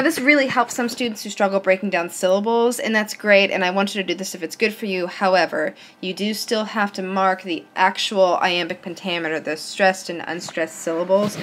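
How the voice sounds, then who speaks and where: A woman's voice: medium pitch, fairly bright tone. Patient woman teacher explaining poetry. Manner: patient, encouraging, counts syllables aloud slowly. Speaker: English teacher. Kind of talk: recorded lesson narration.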